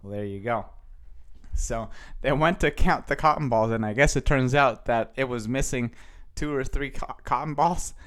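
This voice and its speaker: A man's voice: mid-range voice, normal speed, a bit bright. Guy doing a chill solo podcast, reads headlines and rambles, keeps restarting his sentences. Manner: rambling, self-correcting, chuckles between thoughts; reads headlines aloud and riffs on them. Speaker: podcast host. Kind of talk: casual solo podcast chat.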